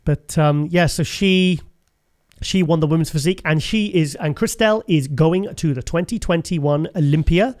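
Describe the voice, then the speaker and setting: Male host, higher pitch, loose rambling chat with frequent laughs. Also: normal speed, darkish tone. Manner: chatty, rambling, laughs often. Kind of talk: casual show commentary.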